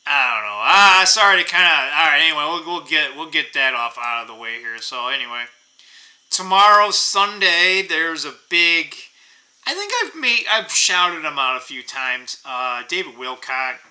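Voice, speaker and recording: A man's voice: on the high side, expressive, normal speed, sharp tone, rough recording. A middle-aged man hosting his own channel, talking in a rambling, profane, casual rant full of fillers. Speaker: channel host.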